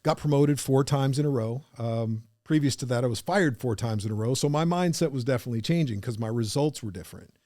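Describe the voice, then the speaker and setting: A man guesting on a podcast, telling his own story with animated energy and acting out the people in it. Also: mid-range voice, fairly quick, hardly any pauses, no echo, studio quality. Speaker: podcast guest, business coach.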